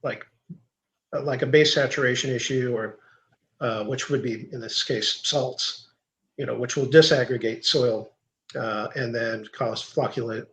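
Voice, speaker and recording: A man as a guest in an interview, explaining soil science in a measured way, thinking aloud with fillers and restarts. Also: mid-range voice. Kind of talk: technical interview answer.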